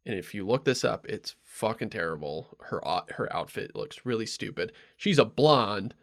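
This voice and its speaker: Man, podcast host, gravelly, rambling, casual chat, lots of ums. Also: fairly low pitch, expressive, moderate pace. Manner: rambling storyteller, frequent ums and asides.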